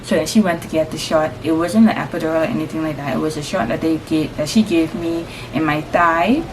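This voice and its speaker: A young woman vlogger and first-time mom telling her story casually to camera, lively and slangy. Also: low voice, brisk. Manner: lively, acts out voices, slangy and chatty. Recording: steady background noise.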